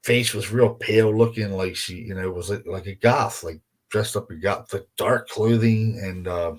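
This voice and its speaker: A man's voice: fairly low pitch, moderate pace. A man, a guest paranormal investigator, telling a story in a rambling way, swearing often and filling gaps with "you know" and "man". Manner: rambling, profanity-laced, heavy on fillers like "you know" and "man". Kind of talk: casual storytelling chat.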